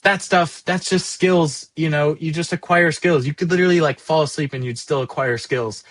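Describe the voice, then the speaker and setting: A young man in his twenties venting in a rambling, profane, self-deprecating monologue about running a software business. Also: a little high, moderate pace, no echo. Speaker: SaaS founder vlogging.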